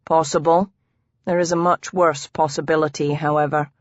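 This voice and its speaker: A woman voicing a steady, laconic male companion who speaks tersely and calmly. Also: sits low, moderate pace, no echo, dull audio, lightly acted. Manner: terse and calm.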